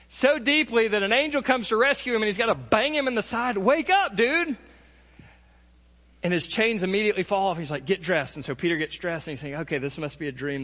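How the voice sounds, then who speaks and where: A male pastor preaches in a relaxed, conversational storytelling style, acting out the people he quotes. His voice sits high for a man. The sound carries the long reverb of a large hall. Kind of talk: sermon, retelling Bible stories.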